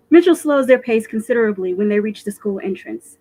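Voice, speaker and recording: Expressive woman author reading her story. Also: fairly high pitch, a little fast, few pauses, low-quality recording. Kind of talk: reading her own fiction aloud. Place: home, virtual live stream.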